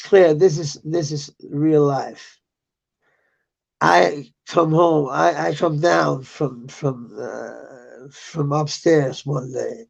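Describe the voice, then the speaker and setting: A man's voice: on the high side, gravelly, husky. A middle-aged man telling a personal story in a rambling, profane way, with bitter outbursts.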